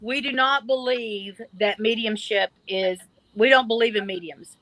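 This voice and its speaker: A middle-aged woman from the Appalachian Mountains, with an Appalachian accent, chats casually as a guest on a video call, speaking bluntly and emphatically. Her voice is a little high, unhurried, and a bit bright. The audio is poor, with no room sound.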